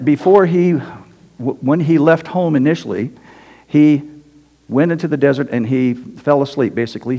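A man preaching a sermon in a loose, conversational way, often checking in with the congregation with a quick "okay?". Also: mid-range voice, warm tone. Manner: conversational, tags lines with "okay?". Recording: hall reverb.

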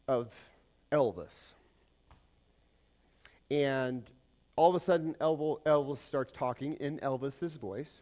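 A male pastor with a fairly high pitch swings from loud, excited points to hushed, confiding asides as he preaches. Along the way he keeps asking his congregation questions.

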